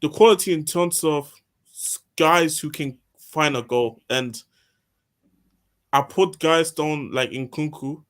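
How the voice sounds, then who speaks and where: A man's voice: on the high side, slow pace. A man in casual football chat who rambles and repeats himself as he makes his point.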